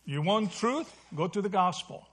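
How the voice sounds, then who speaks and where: A man leads a Bible study in a relaxed sermon style. His voice sits a little high and has a husky edge. He talks conversationally, restarting phrases and tagging lines with quick checks to his listeners. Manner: conversational, checks in with "okay?" and "right?"; self-correcting, restarts mid-phrase. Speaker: Bible teacher.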